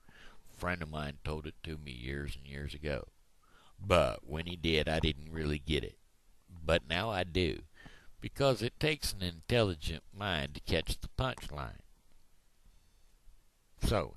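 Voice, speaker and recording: Brief: folksy man joke-telling, bright, dry sound. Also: very deep voice, lively intonation, measured pace, long pauses, no room sound. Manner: folksy storyteller, laughs at own jokes. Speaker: vlogger. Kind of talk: telling jokes to camera.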